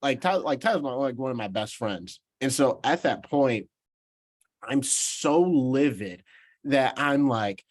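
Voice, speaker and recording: A man in his twenties from Georgia in the US, a professional baseball player telling an animated story in a casual interview, laughing and restarting his sentences. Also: medium pitch, a little slow. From Georgia, USA. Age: 20s.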